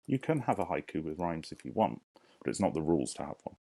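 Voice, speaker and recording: A man teaching young children in a recorded online lesson. He speaks slowly, asks questions and counts syllables aloud. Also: extremely low pitch, very animated, gravelly, warm tone, a little hiss or hum. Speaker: primary school teacher.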